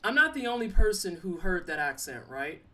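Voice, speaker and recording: Playing a game on stream, this young adult keeps up loose, chatty commentary, joking along and playfully teasing chat. The voice is medium in pitch, very animated and sharp in tone, at a normal speed. Recording has a slightly distant mic and faint game music.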